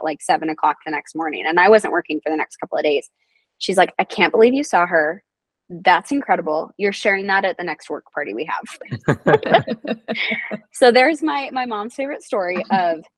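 A young adult woman, a nursing assistant appearing as a guest, tells stories casually and animatedly, acting out the voices of the people she quotes. Her voice is fairly low, and the recording is dry with poor audio.

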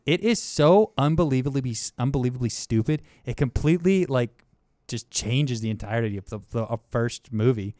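An excitable young man co-hosting a film podcast, his voice leaping from low mumbles to high, eager bursts. The sound is close and dry, with no room around it. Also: normal speed, no room sound. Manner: enthusiastic, animated, swings between mumbled asides and excited bursts. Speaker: podcast co-host. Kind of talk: casual film review chat.

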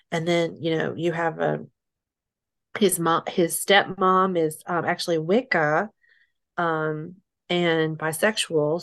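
A middle-aged woman being interviewed, telling her story haltingly, with restarts, soft laughs and sighs. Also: lowish voice, vocal fry. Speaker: interview guest.

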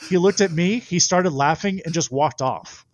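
A young man, a professional pitcher, telling stories in a casual interview, often laughing through them and restarting his sentences. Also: moderate pace.

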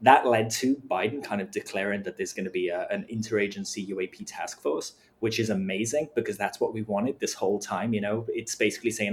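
A man on a podcast panel, chatting casually and animated, acting out little mock quotes. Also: fairly low pitch, brisk, hardly any pauses, slight background noise.

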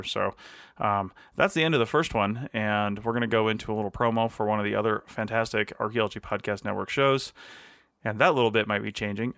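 A man's voice: on the low side, a bit bright, dry recording, clean studio sound. A man hosting his own podcast from his office, rambling casually with lots of ums and restarts. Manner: chatty, many ums and restarts. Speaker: podcast host.

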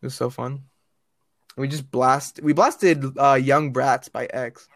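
A man's voice: medium pitch, steady tone, takes it slowly, a bit bright, dry recording, clean studio sound. A young man chatting casually and joking with friends. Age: young adult. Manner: joking, laid-back, chatty. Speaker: friend in group chat. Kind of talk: casual chat.

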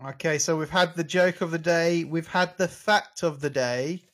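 High-voiced playful male co-host. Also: fairly even intonation, a bit bright. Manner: playful, jokey, drawn-out punchlines. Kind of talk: casual show banter.

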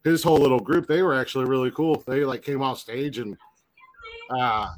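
A man's voice: medium pitch, moderate pace, dry recording, rough recording. A man co-hosting a casual podcast, speaking in an easy middle register. He rambles through a story with plenty of fillers and restarts, and acts out the lines of the people in it. The recording is close and dry. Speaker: podcast co-host.

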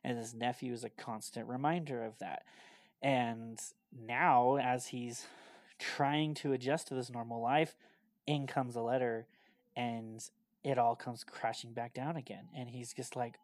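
A man co-hosts a casual podcast, his voice sitting in a middle register. He rambles through animated retellings and peppers them with "like". The sound is dry, with almost no room echo. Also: medium pitch, a little slow. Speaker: podcast co-host.

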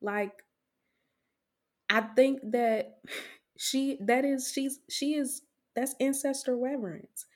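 A woman's voice: high-pitched, takes it slowly, pauses often. A woman hosting a casual podcast discussion, speaking in a conversational, reflective way with frequent restarts. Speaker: podcast host.

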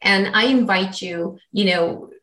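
A woman's voice: mid-range voice, takes it slowly, pushed and bright, roomy sound, poor audio. A woman guest in an interview, a business coach speaking in an earnest, inspirational way. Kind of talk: casual interview talk.

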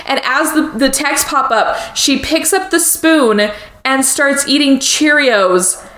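A woman's voice: high voice, slow, a bit bright, reverberant. A woman co-hosting a podcast, recapping a movie in a loose, rambling way with lots of fillers. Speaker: podcast co-host.

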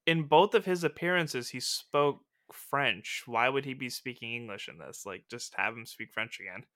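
Guy on a fan podcast, bright voice, laughs a lot, dry close mic. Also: mid-range voice, normal speed, dry recording. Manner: animated, laughs often, quotes scenes in playful voices. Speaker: podcast co-host. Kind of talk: casual fan discussion.

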